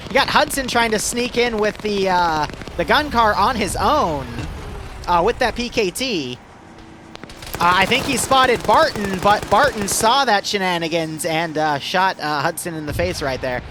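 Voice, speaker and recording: High-voiced excitable male game commentator. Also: noisy background. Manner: fast, excitable play-by-play with many fillers. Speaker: match commentator.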